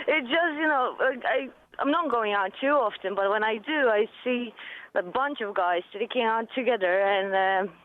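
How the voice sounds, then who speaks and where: A woman in her twenties from Poland with a Polish accent, a radio phone-in caller who speaks in a hesitant, halting, giggly way. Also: a little high. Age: 20s. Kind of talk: phone-in chat. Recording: tinny phone line with faint hiss.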